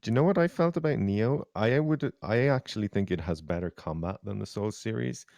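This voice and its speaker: Irish guy talking games, lowish voice, dry close sound. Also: animated, brisk, vocal fry, a little mellow, no echo. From Ireland. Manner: laughing, laid-back, opinionated. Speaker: streamer. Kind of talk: casual gaming chat.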